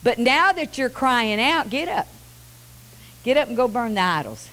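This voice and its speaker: A middle-aged woman preaching a Pentecostal sermon, swinging from soft talk to shouted exhortation. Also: fairly high pitch, very animated, a little slow.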